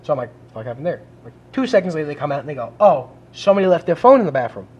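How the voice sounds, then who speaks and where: A man's voice: fairly high pitch, very fast, husky, highs cut off. A man co-hosting a podcast, telling a story in casual, profane chat and acting out the people in it. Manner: profane, animated retelling with quoted voices. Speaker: podcast co-host.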